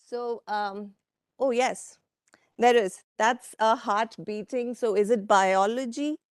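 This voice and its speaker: A woman giving a workshop presentation from slides, speaking in a measured way with frequent fillers and asides to the audience. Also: a little high, clear, resonant tone, dry recording, clean studio sound. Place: conference room.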